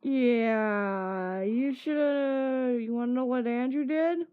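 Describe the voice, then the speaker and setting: A woman's voice: fairly high pitch, slow, clean tone. A woman streamer telling a casual story, acting out what people said with laughs between lines. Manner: acts out quotes with laughs. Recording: dull lo-fi stream audio.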